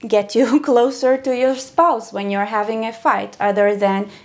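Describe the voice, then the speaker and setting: A woman's voice: fairly high pitch, fairly even intonation, a little slow. A woman teaching a video lesson in a conversational way, with fillers and quoted examples.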